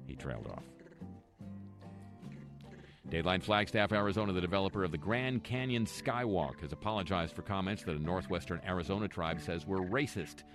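A man with a very deep voice reads the week's news and breaks in with deadpan, sarcastic remarks. Music plays clearly behind him. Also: normal speed, pauses often. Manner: dry, sarcastic asides between read-out news items. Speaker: host. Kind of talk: sardonic news commentary. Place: home near a lake, voice-over.

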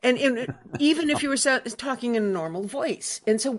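A woman's voice: a little high, animated, moderate pace. A woman from Michigan's Upper Peninsula hosting an interview and asking chatty, curious questions. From Upper Peninsula of Michigan, USA. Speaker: interview host. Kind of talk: casual interview.

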